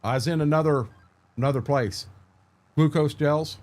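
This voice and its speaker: A middle-aged livestream host at home speaks with a fairly high, slightly mellow voice at a moderate pace. His casual chat is full of rambling, candid stories and frequent restarts, and he answers people in chat by name.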